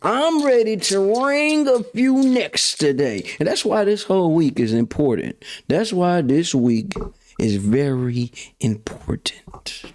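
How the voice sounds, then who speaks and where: A man hosting his own show, ranting in a casual, slangy monologue that swings between loud outbursts and low mutters. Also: very animated. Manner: slangy, drawn-out emphasis. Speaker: podcast host.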